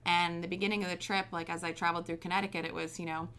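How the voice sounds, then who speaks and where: A woman's voice: on the low side, level tone, rapid-fire, fairly bright tone. A young woman telling stories as an interview guest, chatty, with many ums and likes. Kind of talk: casual storytelling interview.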